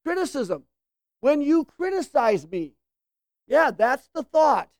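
A woman's voice: sits high, big pitch swings, slow, a little mellow, dry recording. A woman preacher teaching in a conversational sermon, often checking in with her listeners and acting out quoted lines. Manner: conversational, acts out quoted lines with shifting voices.

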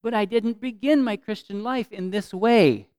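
Male pastor, sermon, smooth clear voice, dry close sound, earnest, repeats phrases, loud then soft. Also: high voice, moderate pace, dry recording.

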